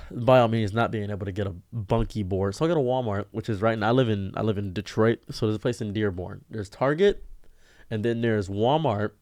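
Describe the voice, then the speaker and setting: A man telling a diary-style story to camera in an exasperated, ranting way, his voice jumping up sharply in pitch. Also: fairly quick, a little mellow, no echo, clean studio sound. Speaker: streamer and video diarist.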